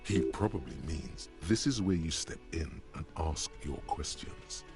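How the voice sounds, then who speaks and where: A man's voice: a bass voice, expressive, measured pace, music in the background. A man narrating a video game in a wry, sardonic tone. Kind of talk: scripted narration.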